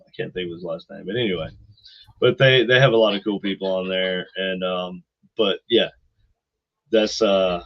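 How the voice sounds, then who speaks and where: A man's voice: low-pitched, dry recording. A man from the United States hosting a podcast, laid-back, trailing off mid-sentence and calling people bro and dude. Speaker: podcast host. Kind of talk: casual podcast chat. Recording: slightly dull, dry sound.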